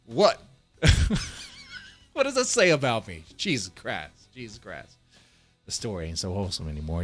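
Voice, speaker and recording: A man in his thirties live-streams with a mid-range, fairly bright voice, chatting loosely and joking around in an exaggerated, put-on Southern drawl.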